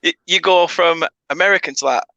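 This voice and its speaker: Host guy, bright sharp voice, animated casual chat, laughs easy. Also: sits high, brisk, creaky, dry recording, muffled recording.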